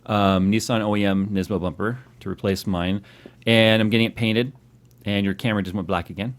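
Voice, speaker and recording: A man's voice: lowish voice, fairly even intonation, brisk. A man hosting a tech live stream, chatting casually and teasing his co-host. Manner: teasing, joking.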